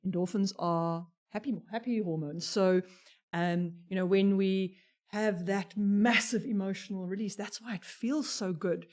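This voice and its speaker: A woman with a South African English accent, explaining things in a measured way as an expert on a discussion panel. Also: mid-range voice, fairly even intonation, a little mellow. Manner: explanatory, measured, uses examples.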